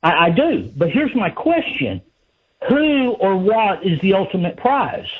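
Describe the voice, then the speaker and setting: A man's voice: high voice, big pitch swings, unhurried, slightly rough. A man with a Southern US accent calling in to a radio show, folksy and a little hesitant as he works through his question. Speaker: caller. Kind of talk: phone-in call. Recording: tinny phone line.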